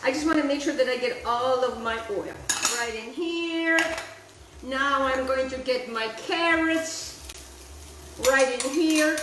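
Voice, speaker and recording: Cooking outdoors in a windy kitchen, a woman hosts a casual cooking demonstration, chatty and enthusiastic, sprinkling Italian phrases into her talk. Her voice is high and slow. The sound is roomy and the background noisy.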